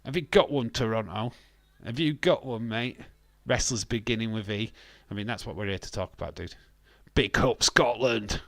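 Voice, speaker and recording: A man's voice: on the low side, brisk, no echo. A man hosting a live stream, reading out the chat and trading laughing, sweary banter.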